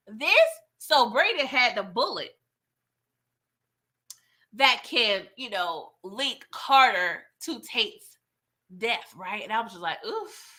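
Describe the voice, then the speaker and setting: A woman's voice: on the high side, bright, forceful tone. A woman hosting a casual live show recap, chatty and laughing often, retelling scenes in quoted voices. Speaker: TV recap host.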